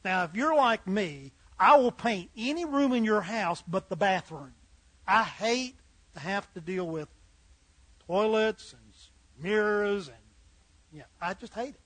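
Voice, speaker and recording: A man's voice: sits high, animated, unhurried, a bit bright, no room sound, low-quality recording. A man preaching a sermon, telling folksy humorous stories and acting out the characters.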